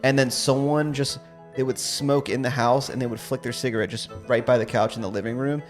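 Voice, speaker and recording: A man's voice: medium pitch, steady tone, brisk, faint music behind. A man with a Baltimore accent, co-hosting a podcast in a laid-back, casual way full of fillers. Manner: laid-back, many fillers, drops to quiet asides. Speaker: real estate agent and podcast co-host.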